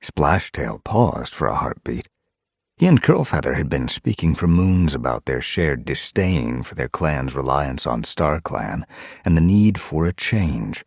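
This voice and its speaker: Male audiobook narrator, low and gravelly, dry close sound. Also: sing-song, unhurried, no echo. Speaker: audiobook reader.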